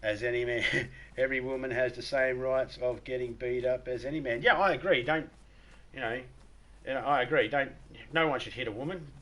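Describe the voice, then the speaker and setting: A man's voice: mid-range voice, fairly quick, fairly bright tone. A middle-aged Australian man chatting casually on a live stream, joking, swearing and laughing often.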